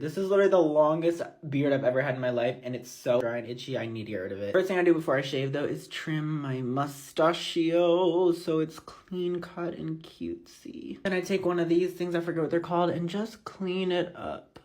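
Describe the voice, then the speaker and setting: A man's voice: on the high side, brisk. A young man vlogging casually, telling a travel mishap in a dramatic, exasperated way, swearing and squealing when indignant. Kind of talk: casual vlog storytelling.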